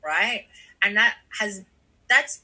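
A woman's voice: mid-range voice, expressive, slow pace, sharp tone, breathy edge, rough recording. A woman life coach in a casual podcast chat, speaking candidly, swearing freely and acting out her own inner voice.

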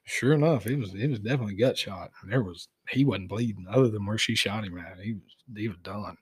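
A middle-aged man spins an animated yarn on a podcast, slipping into the voices of the people in his story. His voice sits low and sounds a little husky. The sound is close and dry, with no room around it. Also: quick pace, dry recording. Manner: animated, acts out dialogue in stories. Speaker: guest, dog tracker for wounded deer. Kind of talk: casual storytelling.

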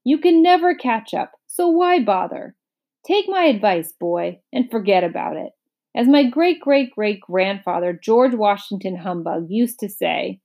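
A woman's voice: mid-range voice, animated, measured pace, darkish tone. Woman putting on a pompous old humbug. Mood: dismissive. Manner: blustering, grandiose. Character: pompous boastful old male humbug beetle. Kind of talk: storybook read-aloud.

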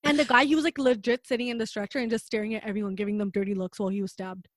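A young woman telling a story in casual chat, animated and full of fillers, acting out what people said. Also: medium pitch, rapid-fire, no echo. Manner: animated storytelling with many fillers and acted-out quotes.

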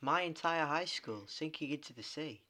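A man co-hosts a casual film podcast with a bright, edgy tone. His delivery is dry and deadpan, and he quips in short flat answers. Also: a little high, normal speed. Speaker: podcast co-host.

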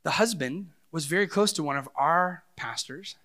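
Man, pastor, sermon, middle-aged, animated preaching, high voice, bright tone. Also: normal speed. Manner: animated preaching, swinging from loud to hushed.

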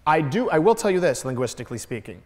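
A middle-aged Midwestern American man answers audience questions at a public Q&A. His voice sits a little on the higher side for a man, and he rambles, stammering and restarting his sentences often. The sound carries the long reverb of a large hall. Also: very animated, quick pace, darkish tone. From Detroit, Michigan.

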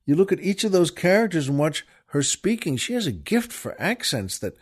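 A man's voice: on the high side, sing-song, moderate pace. A man hosting a radio talk show, retelling a film scene in a folksy, emphatic way and repeating himself as he gets carried away.

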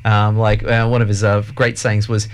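A man's voice: on the low side, normal speed, smooth. A man co-hosting a podcast who talks in a casual, motivational way and tells emphatic, upbeat stories. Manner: animated storyteller, upbeat and emphatic. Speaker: podcast co-host.

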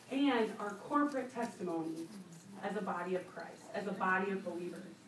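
High-voiced woman teaching in a roomy church. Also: noisy background. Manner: conversational, laughing asides, emphatic repetition. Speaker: women's Bible study teacher. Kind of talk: sermon teaching. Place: church room. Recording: roomy, distant mic.

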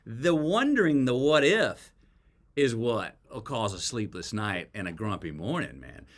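Guesting as an author in an interview, this man speaks casually at a measured pace, his medium-pitched voice very animated. He tells stories in a folksy way and acts out quotations.

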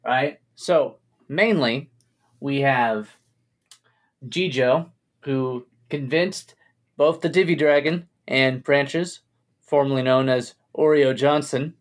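A man's voice: mid-range voice, slow. A man narrating as game master of a tabletop role-play podcast, laid-back, with many filler words and chuckles.

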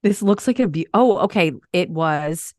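A woman co-hosting a casual chat over a video call, gushing and bubbly and quick to laugh. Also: fairly low pitch, lively intonation, darkish tone, no echo, studio quality. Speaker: co-host.

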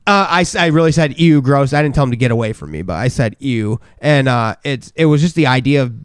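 A man's voice: mid-range voice, lively intonation, fast, smooth, dry recording, clean studio sound. A young man co-hosting a podcast, chatting casually and joking around. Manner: joking, does goofy voices in stories. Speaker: podcast co-host. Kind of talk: casual chat.

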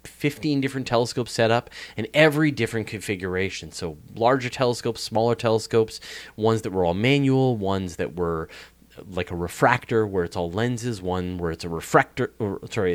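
A Canadian-accented man who hosts an astronomy podcast answers interview questions at a normal speed in a lowish voice. He's enthusiastic and rambling, restarting his sentences often.

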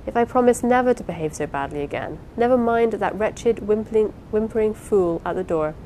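A woman reading the part of an impulsive, warm-hearted young wife in an audiobook, with an eager, pleading, apologetic manner. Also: medium pitch, brisk, slight background noise, pitched above the performer's own voice, lightly acted, rough recording.

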